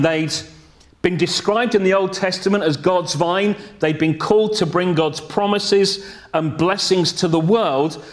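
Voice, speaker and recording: A man preaching a sermon in a slow, deliberate way, pausing to correct himself and adding a light joke now and then. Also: sits high.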